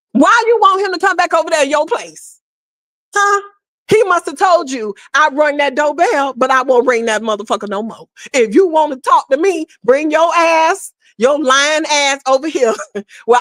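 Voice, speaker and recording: A woman giving sassy, animated gossip commentary, talking straight to her audience and calling them "girl" and "honey". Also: high voice, no echo, studio quality. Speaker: commentary host.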